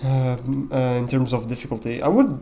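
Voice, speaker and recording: A man's voice: mid-range voice, steady tone, moderate pace, creaky, dark tone, slight background noise. Man, casual game commentary, rambling, lots of fillers, muffled lo-fi mic. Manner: rambling, with many fillers and restarts. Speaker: gameplay commentator.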